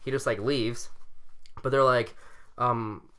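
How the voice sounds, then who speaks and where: A young man with a bright, ringing voice rambles through a casual podcast story. He piles up filler words and laughs often, talking at mid pitch into a studio mic. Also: steady tone, slow, clean tone. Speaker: podcast co-host. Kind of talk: casual chat.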